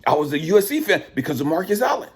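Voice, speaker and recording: A man's voice: fairly high pitch, big pitch swings, rapid-fire, breathy edge. A middle-aged man hosting his channel, delivering a profane, preachy monologue with heavy emphasis. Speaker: channel host. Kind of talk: ranting monologue.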